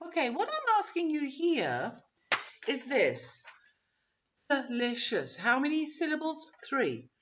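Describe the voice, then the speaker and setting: Lively woman teacher on dull webinar audio. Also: sits high, a little hiss or hum. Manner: lively, encouraging, models pronunciation slowly. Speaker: teacher trainer. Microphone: video call.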